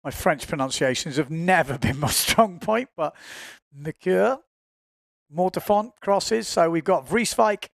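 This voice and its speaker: High, gravelly male race commentator. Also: dry recording, studio quality. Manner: chatty, informal, self-correcting. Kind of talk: live sports commentary.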